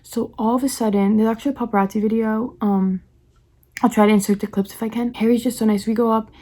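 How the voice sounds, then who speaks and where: A young woman from the New York area races through a personal story on her vlog, packing every sentence with "like" and acting out each line she quotes. Her voice sits a little high but has a mellow, dark color. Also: fairly even intonation. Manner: rapid, chatty, heavy use of "like", acts out quoted lines. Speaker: vlogger.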